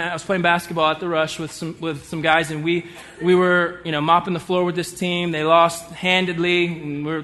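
A man preaching a sermon, telling stories in an animated way and swinging between loud and soft delivery. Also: sits high. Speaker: pastor.

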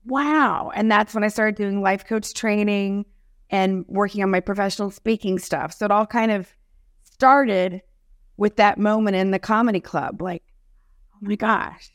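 A woman comedian telling her story as an interview guest, animated and self-deprecating, acting out the lines of people she quotes. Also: medium pitch, normal speed, no echo, studio quality.

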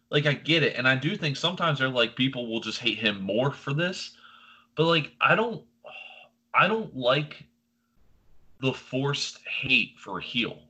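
Animated bright-voiced man ranting. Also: medium pitch, slightly rough, low-quality recording. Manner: animated, opinionated ranting with filler words. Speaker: podcast co-host. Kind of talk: casual chat.

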